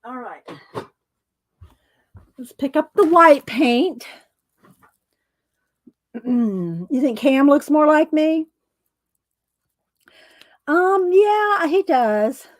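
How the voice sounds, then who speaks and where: Woman, middle-aged, chatty livestream host, fairly high voice, talks while crafting. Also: expressive, drawn-out words, long pauses.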